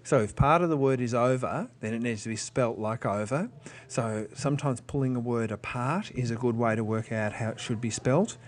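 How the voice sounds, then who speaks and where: A man's voice: mid-range voice, moderate pace. A man, a teacher patiently explaining test strategies to students and thinking aloud with small restarts.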